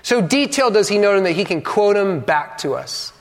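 A man, a pastor, preaching a sermon with dramatic pauses, acting out the quotes and adding joking asides to the congregation. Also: high voice, very animated. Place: church hall. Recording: long reverb of a large hall.

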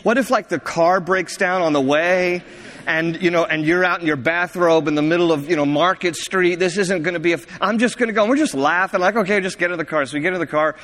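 Male pastor, high voice, chatty storytelling sermon, long reverb. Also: pushed and bright. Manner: chatty storytelling, quick to laugh.

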